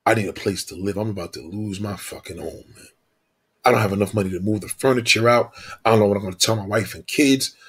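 A man playing a desperate, broke family man who pleads in a rushed, sighing way. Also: on the low side, fairly bright tone, husky.

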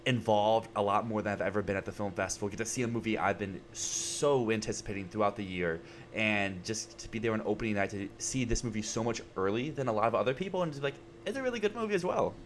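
A man's voice: lowish voice, fast talker, hardly any pauses, slight background noise. A man co-hosting a podcast, chatting casually and reacting with enthusiasm. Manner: enthusiastic, supportive listener. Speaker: podcast co-host. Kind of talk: casual chat.

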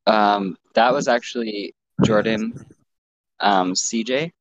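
A man's voice: fairly low pitch, slow pace, no echo. A man hosting a casual podcast, talking in a blunt, crude, joking way. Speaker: podcast host. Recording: dull lo-fi sound.

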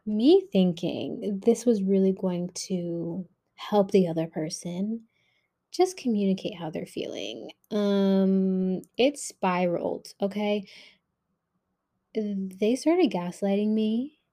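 A young woman talks straight into her podcast mic in a loose, rambling monologue. She sounds worked up and candid. Her voice has a mellow, dark warmth at an ordinary middle pitch. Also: slow pace. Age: young adult. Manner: candid, animated, heated. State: agitated and shaken. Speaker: podcast host.

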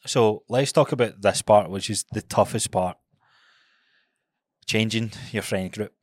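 A man's voice: on the low side, a little slow, dry recording, clean studio sound. A man with a Scottish accent co-hosting a podcast, talking bluntly and emphatically with plenty of swearing. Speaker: podcast co-host. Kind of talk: casual podcast chat.

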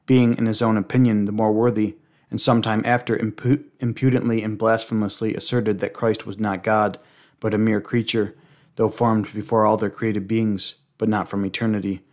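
A man with a low voice reads a saint's life aloud at a measured pace. His delivery stays flat and even, with little rise or fall, and he now and then trips on a word and restarts it. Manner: steady, measured reading with small slips and restarts. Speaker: reader.

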